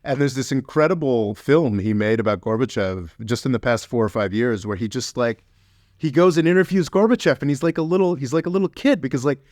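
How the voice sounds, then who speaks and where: Heated, animated man. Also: medium pitch, a little fast, dry recording, clean studio sound. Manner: animated, heated, mocking voices in quotes. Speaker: podcast co-host. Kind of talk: casual political chat.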